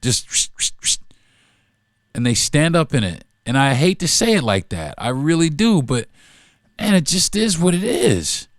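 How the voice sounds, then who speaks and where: A man's voice: on the high side, very animated, measured pace, no echo, clean studio sound. A man hosting a solo podcast, talking in an emphatic, repetitive, profane rant. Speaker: podcast host.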